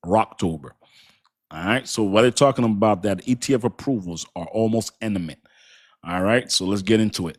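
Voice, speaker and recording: A man's voice: on the low side, normal speed. A man hosting a casual crypto livestream, talking straight to his chat in a hyped, repetitive way. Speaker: crypto channel host.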